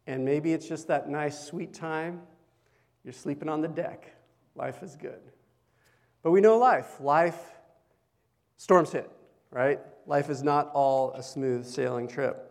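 Preaching conversationally, a male pastor frequently puts questions to the congregation. His voice is on the high side and a little mellow, and the recording has a long hall reverb.

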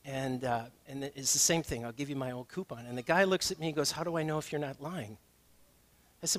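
A man's voice: a little high, expressive, fairly quick. A male pastor preaching a conversational sermon, building to emphatic questions.

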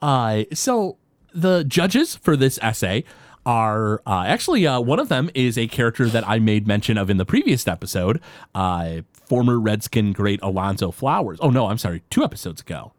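A man's voice: on the low side, sing-song, moderate pace, no room sound. A man co-hosting a podcast, rambling through an episode recap with lots of filler words. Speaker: podcast co-host. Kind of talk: casual recap chat.

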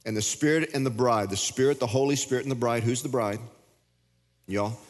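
A man preaches a sermon in a folksy, plain-spoken way, slipping in jokes. His mid-pitched voice carries a long reverb from a large church sanctuary. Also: fairly quick. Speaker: pastor. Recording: long reverb of a big hall.

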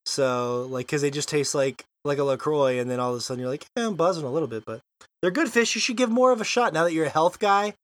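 A man's voice: a little high, quick pace. A man hosting a podcast in casual chat, joking and teasing his co-hosts. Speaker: podcast host.

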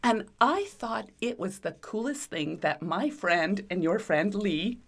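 A woman's voice: medium pitch, lively intonation, takes it slowly. A middle-aged woman chatting casually, telling stories animatedly and laughing often mid-sentence. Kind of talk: casual chat.

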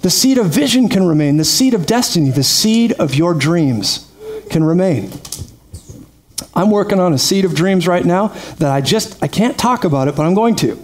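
High-pitched, energetic male preacher. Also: normal speed, slight background noise. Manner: energetic, laughs often, calls out "praise God". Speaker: pastor. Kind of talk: sermon.

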